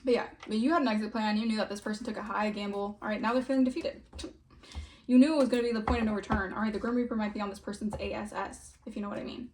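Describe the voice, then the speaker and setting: A woman's voice: medium pitch, steady tone, very fast, darkish tone, a little hiss or hum. A young woman giving a casual tarot reading, chatty and emphatic, often saying "all right". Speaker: tarot reader.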